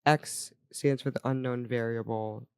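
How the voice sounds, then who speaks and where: A woman's voice: extremely low pitch, fairly even intonation, measured pace, clear, resonant tone, dry recording, clean studio sound. Chatty, opinionated young woman. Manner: chatty, opinionated, swears freely, laughs often. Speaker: podcast co-host. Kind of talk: casual chat.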